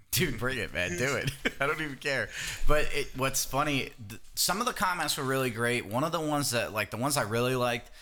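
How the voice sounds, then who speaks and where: A man's voice: medium pitch, lively intonation, normal speed, pushed and bright. A man in a casual podcast chat, playful and rambling. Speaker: podcast co-host.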